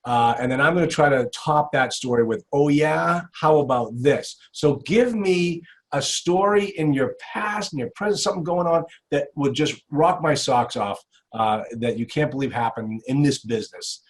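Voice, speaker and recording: A man's voice: on the high side, normal speed, few pauses. A man hosting a real estate investing podcast, chatting casually and reacting with enthusiasm. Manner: enthusiastic, reacts with "wow" and laughs. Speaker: podcast host. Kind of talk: casual interview chat.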